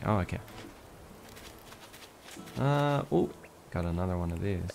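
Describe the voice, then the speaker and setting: A man streaming a game, chatting casually in an excitable, playful way and reading game text aloud. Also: low-pitched, unhurried, creaky, slight background noise. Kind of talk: casual gameplay chat.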